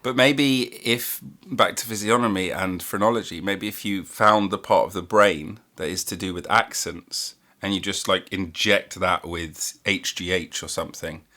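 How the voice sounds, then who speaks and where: A man's voice: low-pitched, normal speed, hardly any pauses, pushed and bright. A man hosting a podcast in casual chat, laughing easily and asking meandering questions. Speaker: podcast host.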